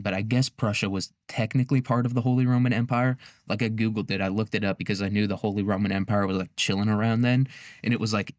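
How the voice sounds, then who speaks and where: A young man with a fairly low voice rambles through a history podcast, crude and joking, laughing often. His voice is recorded close and dry, with no room sound. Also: no room sound. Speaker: podcast host. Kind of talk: casual comedic history monologue.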